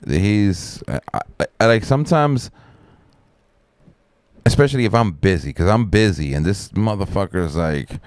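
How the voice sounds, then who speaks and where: A middle-aged man rambling through a profane story on a casual live stream, with lots of fillers and a sharply higher voice when he quotes other people. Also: normal speed, darkish tone, clear, resonant tone, dry recording. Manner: raises pitch sharply when quoting others.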